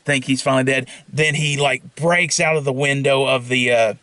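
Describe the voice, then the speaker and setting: A young man pitching his own film idea in a casual, rambling monologue full of fillers and restarts. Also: fairly even intonation, normal speed, sharp tone, no room sound.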